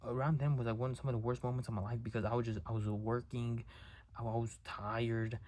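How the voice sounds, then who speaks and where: A young man talking through a raw, halting monologue, emotional and near tears, repeating words and swearing often. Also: medium pitch, little pitch movement, a little mellow, dry recording. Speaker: vlogger. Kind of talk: confessional monologue to camera.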